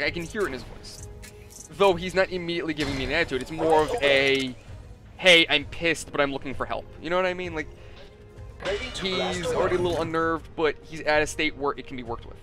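A man hosting a gaming video, chatting casually and swearing freely as he tells a story and acts out the customers. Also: a little high. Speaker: gaming channel host. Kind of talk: casual story-telling over gameplay.

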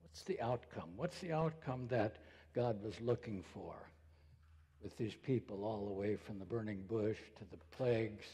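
A male pastor preaching a sermon, posing rhetorical questions in a slow, deliberate way. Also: lowish voice, dark tone, breathy edge, long reverb tail. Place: church sanctuary.

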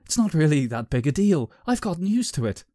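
A man's voice: very animated, fairly quick, mellow, dry recording, studio quality. A man voicing a playful, mischievous young girlfriend in a raised voice while reading a story aloud. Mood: teasing. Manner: raised-pitch, mischievous delivery.

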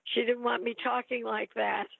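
A woman's voice: fairly high pitch, moderate pace, creaky, husky, no room sound. Older lady reminiscing, dry close sound, chatty, quotes people a lot. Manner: chatty storyteller, lively quoted asides. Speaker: actress guest. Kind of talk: reminiscing interview. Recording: tinny phone-like line.

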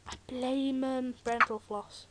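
A woman's voice: sits high, fairly even intonation, takes it slowly. Chatty British teen girl gamer. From Britain. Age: teens. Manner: chatty, jokey, rambling asides. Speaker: Let's Play gamer. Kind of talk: casual game commentary. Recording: loud keyboard typing noise. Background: loud keyboard clicks and typing.

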